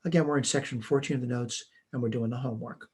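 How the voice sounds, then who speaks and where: A man's voice: mid-range voice, steady tone, fast talker, darkish tone, breathy edge. A man teaching a recorded math lesson, working through homework problems step by step in a plain, methodical way. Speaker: math instructor. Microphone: computer mic while writing on a tablet.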